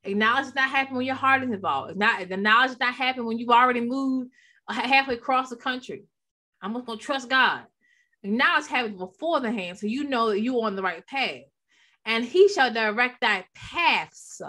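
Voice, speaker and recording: A woman with a bright, ringing tone and a voice set a touch higher than most preaches through scripture with real conviction. She repeats her key words for weight and keeps pulling the listeners in with calls back to them, speaking into a microphone. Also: fairly quick. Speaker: Bible teacher. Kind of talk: preaching Bible teaching.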